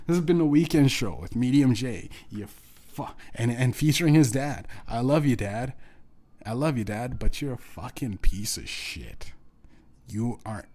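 An angry man venting on his own show, voice at an ordinary middle pitch. He curses freely and lurches from raised, heated bursts down to quiet, resentful muttering. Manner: bitter, profane, swings between shouting and muttering. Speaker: podcast host. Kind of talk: angry personal rant.

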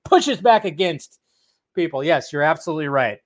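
A man's voice: a little high, expressive, normal speed. Chatty man hosting a livestream. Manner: reads out and answers live chat questions; loose, rambling, swears freely. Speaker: film news channel host. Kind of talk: casual livestream chat.

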